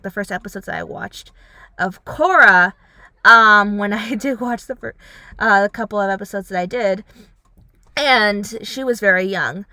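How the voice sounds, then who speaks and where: A woman's voice: mid-range voice, clean tone, no room sound, clean studio sound. A young woman vlogger reviewing a series in a rambling casual chat, full of "like" and "um", acting out lines as she goes. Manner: rambling, heavy on fillers like "like" and "um"; animated, acts out characters' lines.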